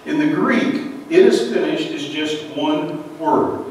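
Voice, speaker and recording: A man's voice: on the high side, takes it slowly, a little mellow, a little hiss or hum. A middle-aged man preaching a sermon as pastor, stressing points with rhetorical questions and repetition, in what sounds like a church sanctuary. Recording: echoey hall, voice from a distance.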